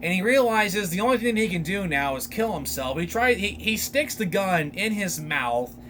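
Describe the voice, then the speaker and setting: High, animated man recapping a film. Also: normal speed, a little hiss or hum. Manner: animated, rambling retelling with many fillers. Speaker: podcast host. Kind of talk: casual solo film recap.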